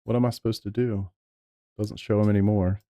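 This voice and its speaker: A man's voice: fairly low pitch, little pitch movement, brisk, mellow, no room sound, studio quality. A man streaming sim racing live, talking over race replays and arguing back at his chat with plenty of swearing. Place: home sim racing room.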